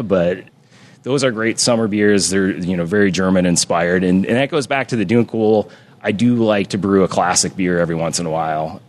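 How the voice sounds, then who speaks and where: A man's voice: sits low, darkish tone. A man talking as a brewer, rambling and correcting himself as he explains his beers at length. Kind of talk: casual podcast chat.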